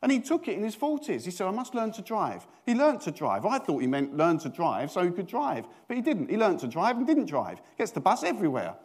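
Middle-aged man from Britain, preacher, fairly high voice, chatty sermon with self-deprecating jokes. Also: wildly swooping pitch, a little fast, hardly any pauses, a little mellow, husky. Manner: chatty, self-mocking, asks the congregation questions. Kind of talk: storytelling sermon.

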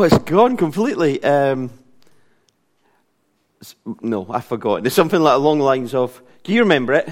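A middle-aged man gives a casual sermon in a church. He preaches in a chatty, self-deprecating way and often breaks into laughter. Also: mid-range voice. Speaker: pastor.

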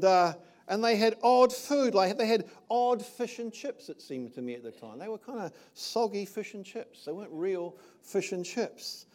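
High-voiced older man preaching from New Zealand. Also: darkish tone. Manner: conversational, checks in with "all right?". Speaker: pastor. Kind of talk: sermon.

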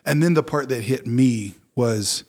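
A man's voice: mid-range voice, unhurried, a little mellow. A man, a pastor, talking in a casual faith podcast with an earnest, reflective manner and frequent fillers and restarts.

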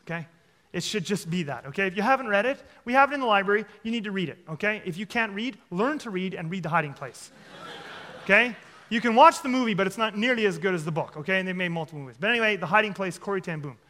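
A man's voice: high-pitched, sharp tone. A man preaching a sermon and telling a story, with frequent "okay?" asides and playful mockery.

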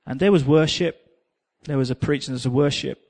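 A man's voice: a little high, fairly quick. A man with an English accent preaching a sermon, telling a personal story with self-mocking humor and snatches of song. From England. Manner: lively storyteller, sings snippets, self-mocking.

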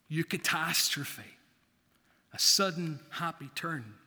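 A pastor preaching a sermon in a church, measured and deliberate, with long pauses for emphasis. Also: male voice, a little high, bright, forceful tone, breathy edge. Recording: long reverb of a church hall.

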